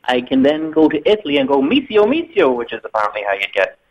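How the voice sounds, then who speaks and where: A man's voice: mid-range voice, rapid-fire. An Irish man as a radio guest, chatting playfully and imitating cat calls, heard over a muffled remote line. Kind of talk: casual phone-in chat.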